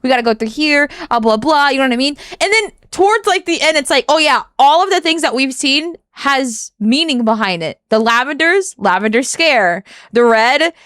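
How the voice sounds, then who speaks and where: Excitable high-voiced woman streamer. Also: normal speed, hardly any pauses, no room sound, clean studio sound. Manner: excitable, swears, keeps saying "you know what I mean". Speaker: streamer reacting to a video. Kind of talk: casual reaction commentary.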